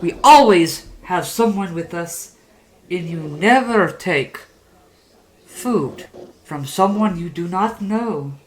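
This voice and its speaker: Half-elf showman, theatrical and preachy, a woman GM doing him; lively, slow. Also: fairly low pitch, slight background noise, low-quality recording.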